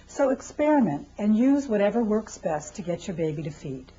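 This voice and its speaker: A woman narrates feeding advice in calm, even tones, her voice husky and mellow. The recording sounds dull and lo-fi. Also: mid-range voice, moderate pace. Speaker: instructional narrator. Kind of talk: scripted narration.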